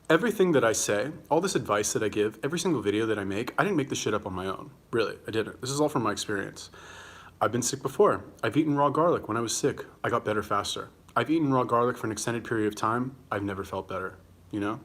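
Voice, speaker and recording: A man's voice: on the low side, expressive, fast talker. Blunt, combative man chatting on a livestream. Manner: blunt, combative, swears casually; talks while eating. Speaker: livestream host answering viewer comments. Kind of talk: casual livestream chat.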